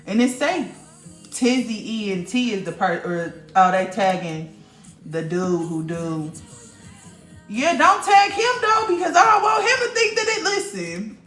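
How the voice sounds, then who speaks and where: A woman's voice: mid-range voice, big pitch swings, unhurried, fairly bright tone, roomy sound, soft background music. A woman hosting a casual livestream, talking bluntly and profanely straight to her viewers in the chat. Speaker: livestream host.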